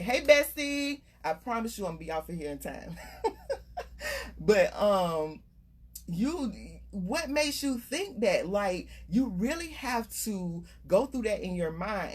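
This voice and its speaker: A woman's voice: lowish voice, a little mellow, breathy edge. A middle-aged woman coach giving casual, emphatic motivational talk about staying unbothered. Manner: earnest, conversational, emphatic. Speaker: life coach.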